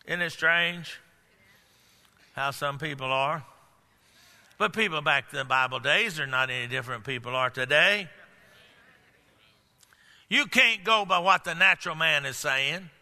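Older preacher in a reverberant hall. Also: male voice, a little slow, pauses often. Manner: preaching, swings from loud outbursts to low hushed lines. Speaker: pastor. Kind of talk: sermon. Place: large church hall.

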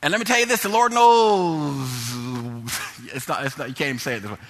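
A man preaching a sermon through a personal story, dropping to low murmurs and rising to loud exhortation. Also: very animated, fast talker, in a large hall.

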